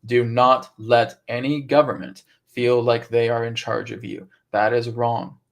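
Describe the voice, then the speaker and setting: A man's voice: medium pitch, level tone, a little slow, vocal fry. A man voicing a stern, ancient inner-earth woman who gives emphatic, repeated short commands in a channeled live stream.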